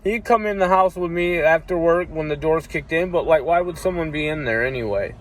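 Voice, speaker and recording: A man's voice: on the high side, brisk, slight background noise. Profane rambling man telling a story. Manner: profane, rambling, acts out quoted voices loudly. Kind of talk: casual storytelling.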